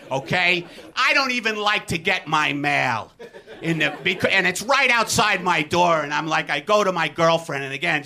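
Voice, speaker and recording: A man from Brooklyn, ranting and often shouting profanely as a comedy guest on a live podcast stage. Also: a little high. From Brooklyn, New York. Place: comedy theatre stage before an audience. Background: audience laughter.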